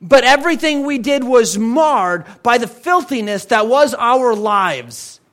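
A man's voice: very high-pitched, sing-song, a little slow, a bit bright. A male pastor preaching a sermon in a church, conversational and emphatic, often repeating words for stress.

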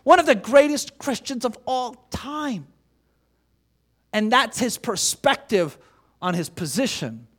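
A man's voice: extremely high pitch, lively intonation, takes it slowly, fairly bright tone, slightly rough. A man preaching a sermon as pastor, emphatic, asking rhetorical questions and repeating key phrases.

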